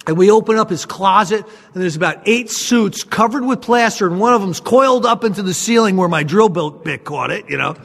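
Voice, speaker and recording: High-voiced man telling a story in a hall. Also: fairly quick, gravelly, few pauses. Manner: self-mocking, animated storyteller. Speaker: speaker sharing a recovery story. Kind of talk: storytelling talk to an audience. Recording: long hall reverb.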